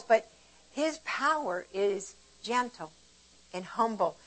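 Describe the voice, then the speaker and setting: An older woman giving a casual devotional Bible teaching, conversational and animated as she explains verses and tells stories from her own life. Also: mid-range voice, unhurried, poor audio. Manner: conversational and animated, shifting between warm explanation and lively retelling.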